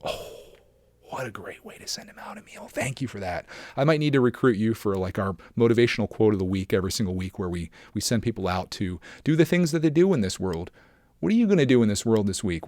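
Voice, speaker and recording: A man's voice: medium pitch, big pitch swings, fast talker, a little mellow, dry recording, studio quality. A man in his thirties hosting a casual solo podcast, chatting in an upbeat, encouraging, rambling way. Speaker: podcast host.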